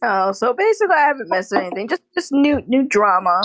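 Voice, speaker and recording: A woman's voice: a little high, very animated, fast. A woman guest in casual chat, speaking sarcastically and laughing often.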